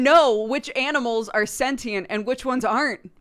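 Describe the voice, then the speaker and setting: A woman hosting a livestream, chatting casually in an animated way, laughing often and swearing now and then. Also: on the high side, normal speed, smooth. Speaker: livestream host. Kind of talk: casual stream chat.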